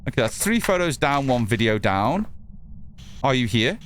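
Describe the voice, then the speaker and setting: A man's voice: medium pitch, sing-song, moderate pace, a bit bright, a little hiss or hum. Chatty northern English man streaming. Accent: mixed northern English. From northern England. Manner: chatty, reads chat aloud, swears casually. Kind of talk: casual gameplay commentary.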